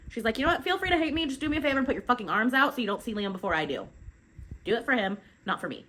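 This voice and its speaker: A woman's voice: fairly high pitch, expressive, sharp tone, low-quality recording. A young adult woman casually recapping a novel chapter by chapter, chatty with lots of fillers, reading quotes aloud. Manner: chatty, many fillers, quick summarizing. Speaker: book reviewer.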